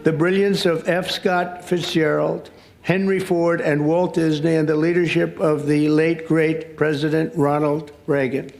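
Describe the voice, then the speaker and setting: A man speaks into a podium microphone at an indoor luncheon, giving an off-the-cuff speech that rambles with ad-libs and asides between his prepared lines. His voice is on the high side, level and unhurried, a little mellow, with vocal fry.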